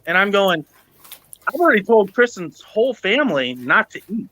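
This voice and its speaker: Guy with a pretty high voice ranting through a story on a podcast, does all the other people's voices, cusses a lot. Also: normal speed, rough recording. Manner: animated, acts out quoted people, swears. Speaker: podcast host. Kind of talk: casual storytelling chat.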